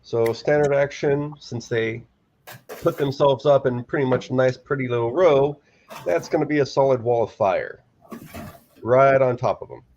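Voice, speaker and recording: Unhurried man playing a tabletop game. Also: medium pitch, a little mellow, highs cut off, slight background noise. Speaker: player.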